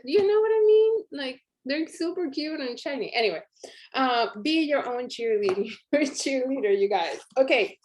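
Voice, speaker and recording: Upbeat woman coaching viewers. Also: high-pitched. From Colombia. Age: 40s. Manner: chatty, upbeat and encouraging, addresses viewers as "you guys". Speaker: workshop host. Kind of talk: live-streamed coaching workshop.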